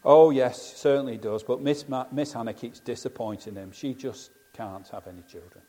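A sly, mock-sweet woman needles her rival in a mellow, soft-edged voice, as a preacher reads her lines. Every barb comes wrapped in false kindness. Her words ring out with a long reverb. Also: medium pitch, moderate pace, close to an everyday voice.

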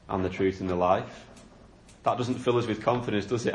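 A man's voice: medium pitch, fairly even intonation, normal speed. A man preaching a sermon, explaining a Bible passage in an earnest, questioning way. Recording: echoey room.

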